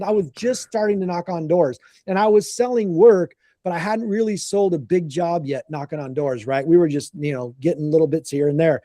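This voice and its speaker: A middle-aged man tells a business story on a group call with animated energy. His voice sits a little high but has a mellow, dark tone. He acts out the people in his story and often repeats words, and the sound is close and dry. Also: brisk, few pauses, no room sound. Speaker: landscaping business coach.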